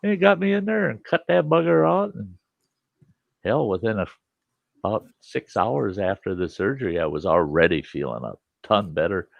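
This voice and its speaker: A man with a low, gravelly voice tells a long, rambling story with salty language, slipping into the voices of the people he quotes. He speaks in an easy, casual chat style, as if hosting a livestream. The sound is dull and lo-fi. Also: sing-song, normal speed, no room sound. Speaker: host. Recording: dull lo-fi stream audio.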